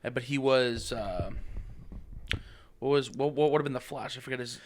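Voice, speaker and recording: A man co-hosting a casual podcast, chatty and animated as he tells stories. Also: medium pitch, moderate pace, a little hiss or hum. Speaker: podcast co-host.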